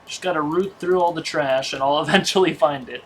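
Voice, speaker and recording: A man's voice: on the high side, a little fast, a bit bright, a little hiss or hum, low-quality recording. A man streaming a game, testing a weapon and muttering damage numbers in casual commentary from a home setup.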